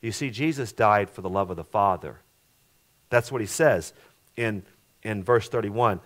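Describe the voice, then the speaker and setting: A middle-aged pastor preaches a sermon that swings between loud, emphatic passages and hushed ones, often repeating words and posing questions to the congregation. His voice is on the low side, a little slow, with frequent pauses.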